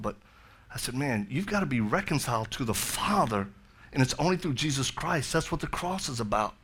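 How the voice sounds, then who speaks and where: A man's voice: medium pitch, expressive, normal speed, a bit bright, breathy edge. A middle-aged male pastor preaching a sermon, telling a story with jokey asides and then building to fervent appeals.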